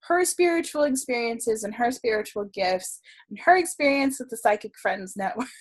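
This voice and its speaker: A woman's voice: a little high, expressive, moderate pace. Chatty woman telling a story. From Florida. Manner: chatty, filler-heavy, laughs often. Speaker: guest, tarot reader and writer. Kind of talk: casual storytelling interview.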